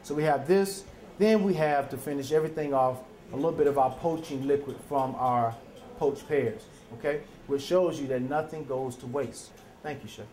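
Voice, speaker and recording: A man's voice: medium pitch, normal speed, mellow. Chatty man teaching cooking, echoey room. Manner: chatty, folksy, checks in with "okay?". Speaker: culinary teacher. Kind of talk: live cooking demonstration.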